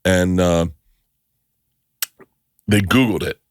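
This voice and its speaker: A man hosting a podcast, telling stories in casual chat with quick impressions. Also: deep voice, smooth, no echo, studio quality. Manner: animated storyteller, jumps into impressions. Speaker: podcast host.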